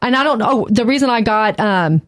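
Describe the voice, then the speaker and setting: A woman's voice: on the high side, lively intonation, moderate pace. A woman with a Texas accent, co-hosting a Bible study podcast in a rambling, self-deprecating way. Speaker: podcast co-host. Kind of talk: casual Bible study chat.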